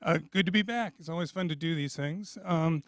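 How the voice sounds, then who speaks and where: A man with an American accent, a singer-songwriter chatting in a relaxed, humorous way about his country song. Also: fairly high pitch, fairly quick, dry recording, clean studio sound. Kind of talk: spoken intro and country song with guitar.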